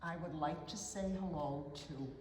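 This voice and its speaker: An older woman, a parish housekeeper, answering questions in a sweet, earnest, soft-spoken way. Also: deep voice, normal speed, a little hiss or hum. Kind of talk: casual interview. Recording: echoey room, mic at a distance.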